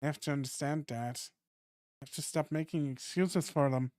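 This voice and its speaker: A man voicing a guarded young male fighter, speaking softly and haltingly. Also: on the high side, dry recording, studio quality, lightly acted. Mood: tearful. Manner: soft, halting.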